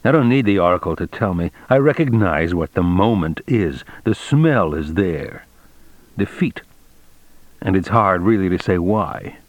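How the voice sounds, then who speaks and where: A man's voice: sits low, animated, measured pace, dry recording, lo-fi sound. A man voicing a defeated, brooding male jewelry maker in an audiobook, with a weary, introspective manner.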